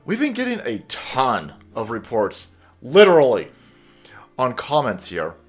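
A man's voice: mid-range voice, wildly swooping pitch, a little slow, slightly rough, soft background music. Profane, ranting male vlogger. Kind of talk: ranting commentary vlog.

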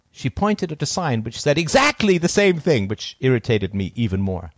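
Cold, deliberate male storyteller. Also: medium pitch, very animated, no room sound. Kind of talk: first-person story narration.

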